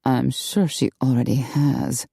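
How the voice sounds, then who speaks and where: A woman voicing a blunt, sardonic woman who speaks in a low, matter-of-fact mutter. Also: sing-song, unhurried, gravelly, warm tone, slightly rough, no echo, clean studio sound, heavily acted. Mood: wry.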